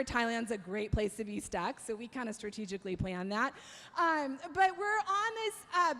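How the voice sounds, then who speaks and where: Middle-aged woman speaker, very high voice, animated storyteller who laughs easily. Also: slight background noise. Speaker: keynote speaker. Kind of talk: storytelling talk.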